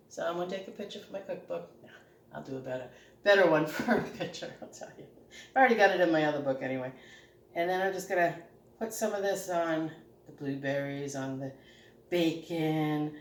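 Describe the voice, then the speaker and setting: Cooking casually in her home kitchen, a middle-aged woman with a regional American accent and a low-pitched voice chats homily for her channel, laughing frequently. The recording is echoey with the mic at a distance, and there's slight background noise from clattering dishes and cutlery.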